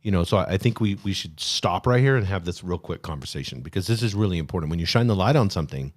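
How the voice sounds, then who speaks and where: Lowish-voiced guy co-hosting, chatty, tells stories, laughs a lot. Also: fast. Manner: storytelling, animated, laughs often. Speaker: podcast co-host. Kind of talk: casual chat.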